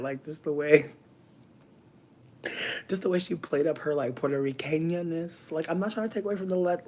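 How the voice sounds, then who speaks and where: A man giving casual comedic commentary in a campy, animated way, laughing often and using heavy slang. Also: a little high, slight background noise.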